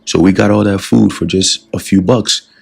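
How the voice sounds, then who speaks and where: A man's voice: low voice, fairly even intonation, moderate pace, creaky, husky. A man giving a casual, rambling spoken testimony and scripture lesson to his religious group. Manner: casual and rambling, with many fillers.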